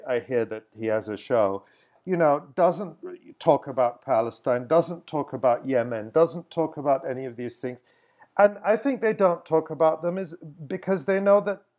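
A man's voice: mid-range voice, a little mellow. A man answering as a podcast guest, reflective and conversational, often restarting his sentences.

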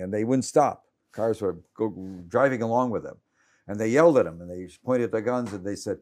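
Cranky seventy-something male journalist, deep and mellow, stammering and rambling as he talks. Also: fast. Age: 70s. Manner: rambling, many restarts and stammers. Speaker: journalist guest. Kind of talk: conversational interview.

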